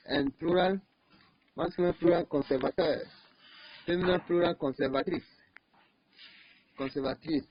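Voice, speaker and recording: Man, language teacher, husky voice, slightly high pitch, repeats words slowly, dull lo-fi recording. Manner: slow, repeats each word several times. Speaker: French teacher. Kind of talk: online language lesson.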